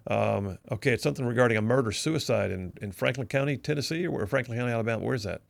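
A man's voice: medium pitch, fast, creaky, dry recording. A man hosting a talk radio show, reading out listener texts in a folksy, chatty way. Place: radio studio.

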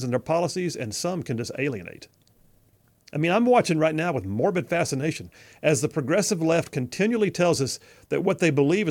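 A man's voice: a little high, vocal fry, a little mellow. A middle-aged man opens his show with a spoken monologue. His delivery is folksy and emphatic, and he leans on rhetorical questions to drive his points home. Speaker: radio host. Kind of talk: opinion monologue.

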